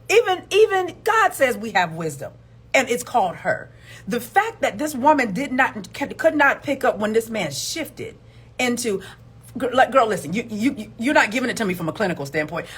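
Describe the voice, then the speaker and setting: Woman relationship commentator, husky and animated, preachy and emphatic delivery. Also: a little high. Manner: emphatic and preachy, repeats words for stress. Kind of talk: opinionated video commentary.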